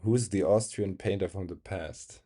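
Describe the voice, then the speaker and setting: A man's voice: low voice, normal speed, dark tone, slightly rough. A young man with a German accent, a non-native speaker, chatting casually on a live game stream, reading chat aloud and laughing often.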